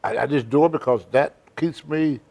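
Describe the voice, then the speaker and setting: A man's voice: medium pitch, normal speed, vocal fry, dark tone. An older man hosting a casual interview, telling blunt, rambling stories in a folksy way. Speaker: host. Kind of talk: casual storytelling chat.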